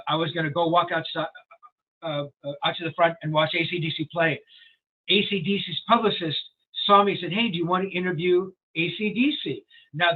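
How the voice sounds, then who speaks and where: Older male journalist guest, high voice, tinny call audio, rambling anecdotal storyteller. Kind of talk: storytelling interview. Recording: tinny phone-like sound.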